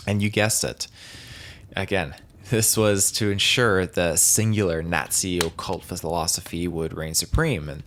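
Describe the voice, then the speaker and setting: A man's voice: low-pitched, fairly bright tone, a little hiss or hum. A man hosting a solo podcast, talking casually in a rambling way with frequent restarts. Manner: rambling, with restarts and hedging words. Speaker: podcast host.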